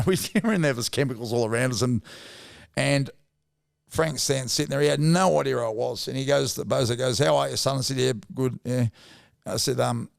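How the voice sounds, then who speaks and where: With a creaky, mid-range voice and a slightly quick pace, a former rugby league player in his fifties, Australian-accented, sits in as a casual interview guest. He trades blunt, slangy, sweary yarns in a laddish manner.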